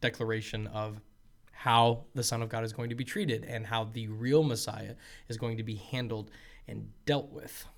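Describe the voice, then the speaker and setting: A man's voice: on the low side, fairly even intonation, moderate pace. A man co-hosting a casual theological discussion, earnest and emphatic, often restarting his sentences. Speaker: podcast co-host.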